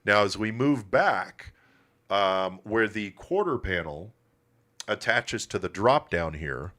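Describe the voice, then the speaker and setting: A man with a lowish voice whose pitch jumps around in lively swings hosts a loose livestream from his auto shop. He talks in a blunt, laid-back way, peppered with swearing. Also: takes it slowly. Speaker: host of a classic car livestream. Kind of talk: casual live commentary.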